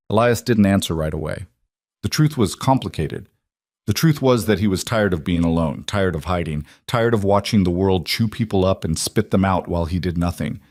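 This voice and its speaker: A man narrating a scripted western story in an even, measured way. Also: low-pitched, no room sound, studio quality.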